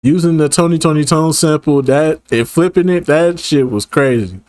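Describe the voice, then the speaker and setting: A man's voice: a little high, moderate pace, a little mellow, no room sound, studio quality. A man co-hosting a casual music reaction, loose and emphatic, repeating his points. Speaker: co-host. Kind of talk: casual music review chat.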